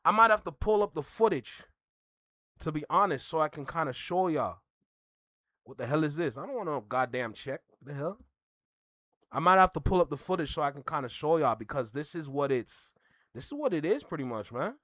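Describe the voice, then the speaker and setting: A man's voice: on the high side, lively intonation, fairly quick, a bit bright, dry recording, studio quality. A man with a Toronto accent hosting a reaction video, talking in a heated, incredulous way and repeating his points. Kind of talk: casual reaction commentary.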